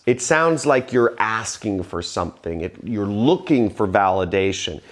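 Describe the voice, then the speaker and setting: A man hosting his own video channel, talking to camera with confident, emphatic sales advice, his phrases often dropping low and quiet at the end. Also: animated, measured pace, few pauses. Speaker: online business vlogger. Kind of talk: direct-to-camera sales tips talk.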